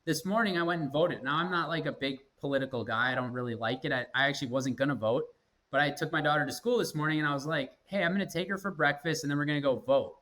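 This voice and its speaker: Fast, bright-voiced man talking earnestly. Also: fairly high pitch, rough recording. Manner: energetic and earnest, repeats himself for emphasis. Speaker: guest, company executive. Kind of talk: casual interview talk.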